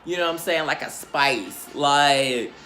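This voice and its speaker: A man hosting a casual reality show recap, gossiping in a sassy, animated, profane way. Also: fairly high pitch, unhurried, a little hiss or hum.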